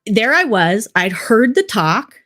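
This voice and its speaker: A middle-aged woman, a documentary director, telling stories in a relaxed interview, rambling with many fillers. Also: fairly high pitch, slow pace. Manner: rambling storyteller, many fillers like "you know". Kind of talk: casual interview talk.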